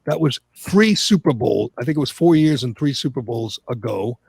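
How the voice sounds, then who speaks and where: A man hosting sports talk radio, opinionated and animated, who keeps tripping over his own words as he rants. His voice is gravelly and husky. The sound is close and dry, with no room in it. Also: mid-range voice, normal speed, no echo. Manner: animated ranting, frequent restarts. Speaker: talk show host.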